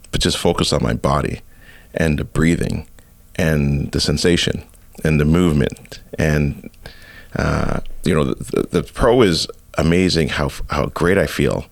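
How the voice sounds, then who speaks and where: A man hosting a podcast, chatting casually in a relaxed, halting way with many fillers. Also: rumbling low, vocal fry, no room sound. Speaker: podcast host. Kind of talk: casual chat.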